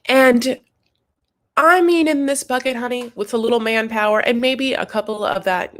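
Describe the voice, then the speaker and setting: A chatty woman recapping a reality show in a casual, gossipy way. She talks straight to her viewers, animated and full of asides and "honey"s. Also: on the high side, moderate pace.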